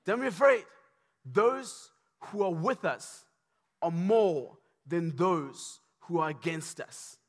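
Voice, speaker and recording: A man preaching a sermon, passionate and repetitive, building to shouts. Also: high voice, lively intonation, slow. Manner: impassioned, repetitive, rising to shouts. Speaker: pastor.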